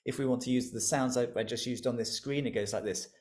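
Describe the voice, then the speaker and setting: A man's voice: mid-range voice, fairly even intonation, fast talker, darkish tone. A man leading an interactive online music lesson over a video call, encouraging and playful, laughing often as he leads the group in call-and-response.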